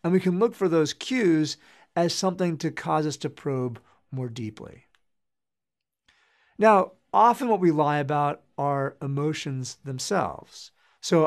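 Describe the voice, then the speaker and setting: A man giving an explanatory lecture in a measured way, acting out short example lines as he goes. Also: on the high side, expressive. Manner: measured, acts out quoted examples.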